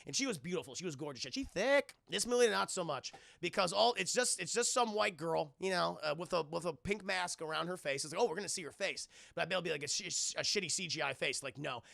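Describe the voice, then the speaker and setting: Gravelly, sarcastic man recapping a film. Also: fairly high pitch, lively intonation, fast talker, hardly any pauses, fairly bright tone, dry recording. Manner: sarcastic, swears a lot, acts out scenes. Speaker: streamer reviewing a film for live chat. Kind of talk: casual profane film recap.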